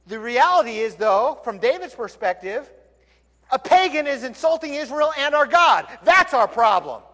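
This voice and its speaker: Give me an animated man preaching in a church hall, high and lively. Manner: animated, conversational storytelling. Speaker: pastor. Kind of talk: sermon. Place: church sanctuary. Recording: long church hall reverb.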